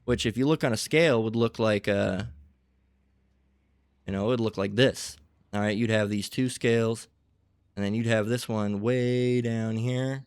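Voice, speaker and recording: A man's voice: lowish voice, fairly even intonation, a little slow, long pauses, smooth, dry recording. A man giving a rambling religious lecture, tagging his points with "okay?" and "all right?". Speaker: religious teacher.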